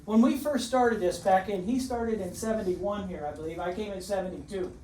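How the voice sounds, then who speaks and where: An older man in his seventies gives a heartfelt, joke-filled tribute speech, his voice bouncing around a large gym. He is heard from a distance, with steady background noise in the hall. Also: sits high, brisk. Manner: emotional, joking reminiscence. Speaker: retired teacher and coach giving a tribute. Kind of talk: dedication speech.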